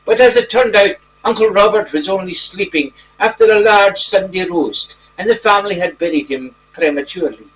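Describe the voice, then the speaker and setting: Putting on a genteel, high voice, a man reads a mock bedtime story for children with slow, gentle, drawn-out storytelling. The mic is distant, and faint background noise can be heard.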